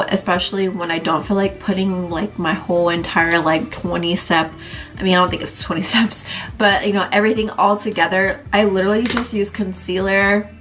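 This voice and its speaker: A young female beauty vlogger with a medium-pitched, slightly bright voice sounds a little congested. She rambles casually through her everyday makeup routine, using lots of fillers.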